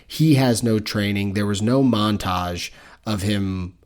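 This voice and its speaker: A man co-hosting a podcast, talking casually in a somewhat low voice. He rambles in a laid-back way and sometimes restarts his sentences. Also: takes it slowly, a little mellow. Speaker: podcast co-host. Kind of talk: casual chat.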